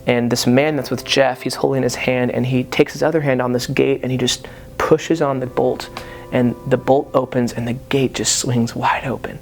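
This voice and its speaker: Man, testimony speaker: raspy, low-key, hesitant storytelling with little pitch movement. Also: level tone. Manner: hesitant, full of pauses and fillers. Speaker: speaker telling his survival story.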